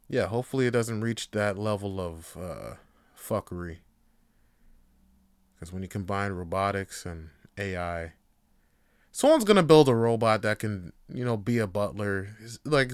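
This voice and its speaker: A man hosting a podcast, talking casually and profanely, swinging from heated rants to quiet musing. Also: lowish voice, expressive, moderate pace, clear, resonant tone, dry recording, clean studio sound. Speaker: podcast host. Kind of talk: casual monologue.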